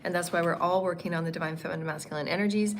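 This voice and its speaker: A woman's voice: on the low side, fairly even intonation, racing, slight background noise. A woman teaching a spiritual lesson on a livestream, meandering and repeating phrases, with frequent ums and uhs.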